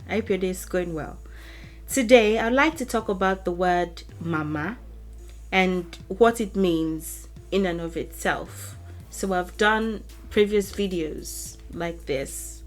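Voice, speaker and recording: A woman giving a casual language lesson to camera. She speaks deliberately, repeats example phrases with stretched emphasis and laughs lightly between points. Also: fairly low pitch. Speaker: language teacher.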